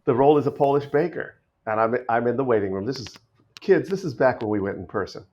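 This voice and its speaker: A man's voice: mid-range voice, quick pace. American man with a dull lo-fi sound. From United States. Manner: animated storyteller with frequent restarts. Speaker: guest actor. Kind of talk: casual podcast conversation. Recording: dull lo-fi remote audio.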